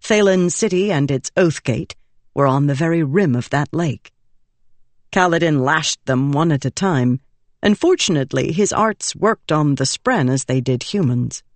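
A woman reading a fantasy audiobook in measured, expressive narration. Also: low-pitched, no echo.

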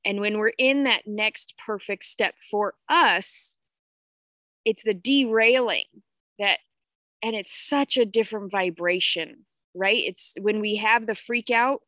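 A woman's voice: mid-range voice, slow pace, pushed and bright, dry recording. A woman in her thirties talking candidly about parenting and spirituality, swearing freely and greeting viewers as she goes. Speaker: podcast host. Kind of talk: casual spiritual live talk.

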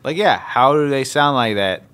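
A man's voice: mid-range voice, expressive, moderate pace, a bit bright, smooth. A man co-hosting a casual chat podcast, talking in a joking way and slipping into exaggerated voices. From New York. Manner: joking, does exaggerated New York voices. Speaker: podcast co-host.

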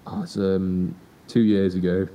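A teenage man co-hosting a podcast, talking in a dry, deadpan way in a casual chat. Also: measured pace. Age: teens. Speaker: podcast co-host. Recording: distant mic with faint rumble.

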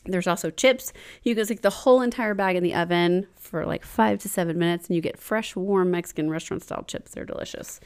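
A woman in her forties co-hosting a casual podcast, reading a listener letter aloud with dramatic pauses and frequent laughter. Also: on the low side, a little mellow, clear, resonant tone. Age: 40s. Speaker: podcast co-host.

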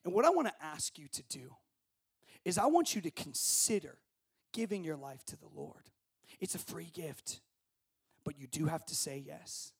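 A man preaching to students at a camp, speaking into a handheld microphone, swinging from shouted passion to hushed, gentle prayer. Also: a little high, very animated, moderate pace, gravelly, pauses often, breathy edge. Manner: impassioned, shouting at peaks, then soft and hushed. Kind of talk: sermon to students.

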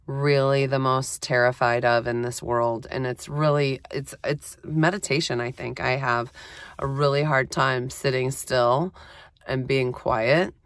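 Casting: chatty woman podcast host, low voice, dry close sound, recorded on a phone in a closet. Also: fairly even intonation, measured pace, no echo. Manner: chatty, self-deprecating, lots of fillers. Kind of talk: casual solo podcast talk. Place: small closet.

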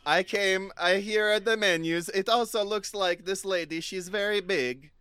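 A man's voice: high-pitched, moderate pace, bright, forceful tone, clean tone, dry recording. A man improvising as a clumsy, rude waiter with a shaky put-on accent, rambling. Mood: deadpan. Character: clumsy rude male furniture-store restaurant waiter. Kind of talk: improv comedy scene.

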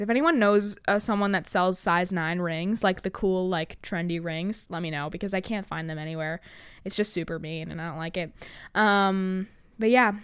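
Her voice is mid-range, a bit bright, and clean as this sixteen-year-old girl chats casually solo on the podcast she hosts, full of fillers, swearing, and jokes at her own expense. There's no room sound, just clean studio audio.

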